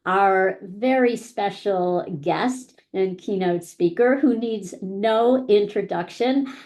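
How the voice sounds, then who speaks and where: A woman's voice: medium pitch, a little mellow. A woman who founded a coaching academy, giving an encouraging graduation speech on a live-stream. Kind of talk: prepared speech. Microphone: live-stream microphone.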